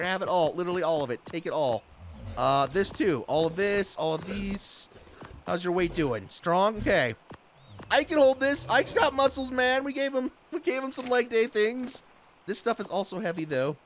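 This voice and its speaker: A young gaming creator chats his way through his play session. His voice sits high and bounces around a lot, and he laughs easily between his thoughts. A faint bed of noise hums behind the recording. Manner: chatty, animated, laughs often. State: hiccups. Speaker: gaming YouTuber. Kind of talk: casual gameplay commentary.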